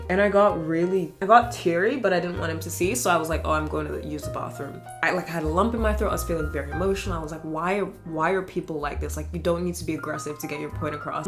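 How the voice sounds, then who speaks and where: A woman's voice: lowish voice, fairly bright tone. A woman in her twenties chatting casually while getting ready, telling stories with sarcastic asides. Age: 20s. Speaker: vlogger. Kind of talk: casual get-ready-with-me chat.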